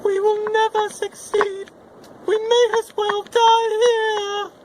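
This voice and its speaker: A woman's voice: very high-pitched, level tone, slow pace. A woman in an amateur fan reenactment playing a young princess bride, pleading and tearful, recorded off-mic. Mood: despairing. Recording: noisy home recording, off-mic.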